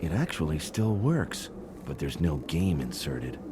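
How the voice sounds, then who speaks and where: A man's voice: a bass voice, sing-song, measured pace, background noise, heavily acted. An actor voicing a sardonic male adventurer in a video game, who speaks in dry, witty remarks. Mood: musing. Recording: game music behind the voice.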